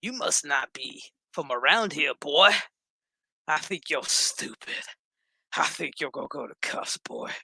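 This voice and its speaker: A man's voice: a little high, lively intonation, measured pace, gravelly, pushed and bright, slightly rough, no room sound, heavily acted. A man putting on the voice of a suspicious, mocking male immigration cop who drawls and swears. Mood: taunting.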